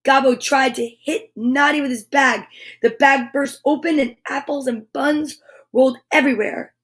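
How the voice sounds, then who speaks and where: Animated woman reading aloud to children. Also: sits high, moderate pace. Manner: animated, playful asides to young listeners. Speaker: children's story time host.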